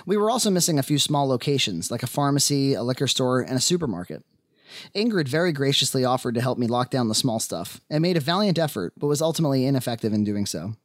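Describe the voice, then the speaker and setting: An independent filmmaker narrating the making of his film in measured, wry first person. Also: mid-range voice, lively intonation, no echo, studio quality.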